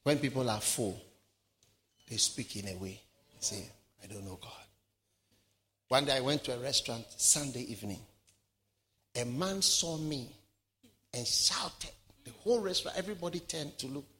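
A man preaching a sermon, swinging from shouted lines to hushed asides. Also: medium pitch, animated, moderate pace, long pauses, big-room sound. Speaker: pastor.

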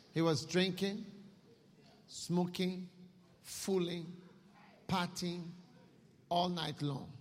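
A man preaching a sermon, telling a story with lively acting and a husky voice. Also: a little high. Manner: animated storytelling, acting out characters. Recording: long reverb of a hall.

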